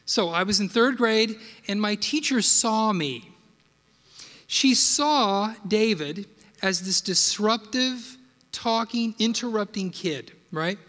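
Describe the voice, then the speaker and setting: A man preaching a sermon and telling personal stories in an animated way, with frequent rhetorical asides to the congregation. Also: high voice. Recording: long hall reverb.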